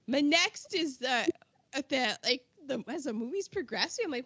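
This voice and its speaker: A woman chatting casually about an old film, animated and quick to laugh, often trailing off mid-sentence. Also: high-pitched, slightly rough, no room sound, dull audio.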